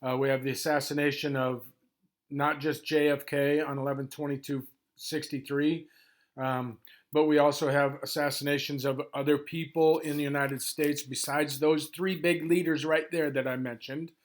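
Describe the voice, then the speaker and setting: A man in his sixties with a gravelly voice, pitched a little high but held flat with little rise and fall. He hurries through an informal history overview, filling gaps with ums and restarting sentences as he goes. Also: normal speed. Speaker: history presenter.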